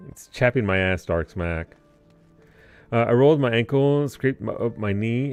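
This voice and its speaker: A man streaming a game, chatting casually in a rambling way with filler pauses. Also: on the low side, darkish tone, clear, resonant tone, soft background music. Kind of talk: casual gameplay commentary.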